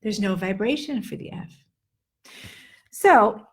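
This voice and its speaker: Woman, English pronunciation teacher, playful, jokey. Lively pitch, slow deliberate delivery on webcam. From Netherlands-based. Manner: playful, joking, exaggerated drills. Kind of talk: live online lesson. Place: home, indoors.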